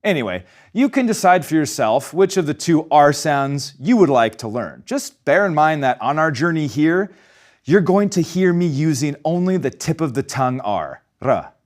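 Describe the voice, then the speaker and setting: In a scripted German pronunciation lesson, a man with a slightly high voice talks in a lively way and slows down to model each sound.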